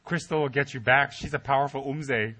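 A man's voice: medium pitch, fairly even intonation, brisk, bright, forceful tone. A man teaching at a Buddhist center, giving a humorous Dharma talk with teasing asides and mock voices.

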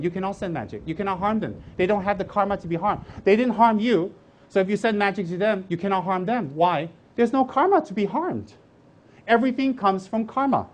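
A man teaching as a Buddhist teacher in a dharma talk, animated and joking, with many rhetorical questions and acted-out voices of others. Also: high voice.

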